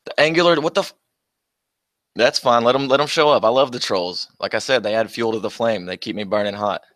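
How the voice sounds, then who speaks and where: Brisk and mid-range, this young host's slightly bright voice carries no room sound. On his casual livestream he reads chat aloud and trades mocking, profane jabs with commenters, laughing often.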